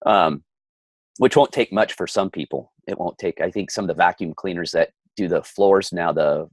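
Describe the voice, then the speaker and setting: A man's voice: sits low, moderate pace, no echo. A middle-aged man co-hosting a podcast, ranting heatedly in casual chat with frequent stammering restarts. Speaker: podcast co-host.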